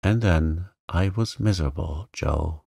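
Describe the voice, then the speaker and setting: A man voicing a gentle young woman facing illness, speaking softly, slowly and with resignation. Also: deep voice, vocal fry, husky, no echo, clean studio sound, heavily acted. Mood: resigned.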